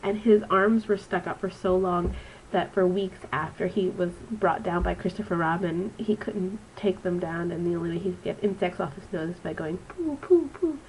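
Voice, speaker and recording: Her voice is on the low side and stuffy, nasal from allergies, and the audio is poor with slight hiss or hum. She's a twenty-something student teacher giving a casual, rambling book review on her vlog, chatting away and saying um often.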